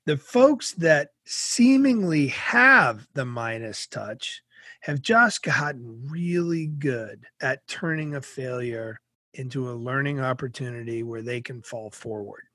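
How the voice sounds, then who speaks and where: A middle-aged man from Massachusetts, an interview guest telling a personal story in an animated way. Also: medium pitch, slow, dry recording, studio quality.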